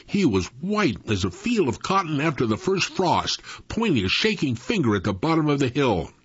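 A man narrating a first-person story with an expressive, dramatic delivery. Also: fairly high pitch, normal speed, husky, highs cut off.

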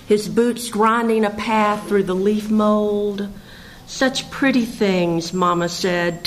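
A woman poet reading her own poems aloud in a measured recitation, with hesitant, chatty asides between the pieces. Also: mid-range voice, slight background noise, poor audio. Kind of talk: poetry reading.

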